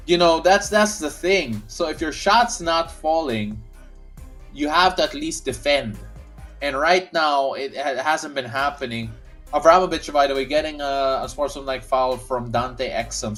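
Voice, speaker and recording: A man's voice: mid-range voice, unhurried, fairly bright tone, soft background music. Chatty man hosting a basketball watch-along. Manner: chatty, reads viewer comments aloud, frequent restarts. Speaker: host of a live watch-along stream. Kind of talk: casual play-by-play and chat reading.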